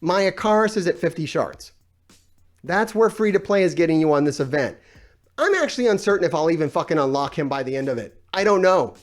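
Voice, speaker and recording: A man's voice: fairly high pitch, animated, brisk, soft background music. A man ranting on a gaming live stream, exasperated and sarcastic, swearing often while he reads out comments.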